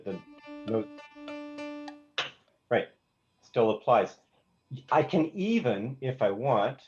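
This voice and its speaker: A man teaching a songwriting class, explaining note values with frequent restarts and singing rhythms out on nonsense syllables. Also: medium pitch. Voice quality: hesitant, restarts words, sings rhythms on "da". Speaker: songwriting instructor. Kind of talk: classroom lesson with live demonstration. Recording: slightly dull, lo-fi class recording. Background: faint instrument playback.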